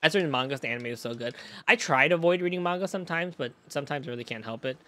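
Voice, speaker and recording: A man's voice: a little high, racing, sharp tone, no echo. A man streaming live, chatting casually and rambling. He swears freely and breaks off to react to chat. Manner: rambling, profane, reacting to chat mid-story.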